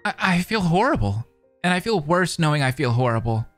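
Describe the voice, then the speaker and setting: A man reading the part of a shaken teenage girl survivor aloud from a visual novel, halting and soft. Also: fairly high pitch, very animated, no room sound, faint music behind.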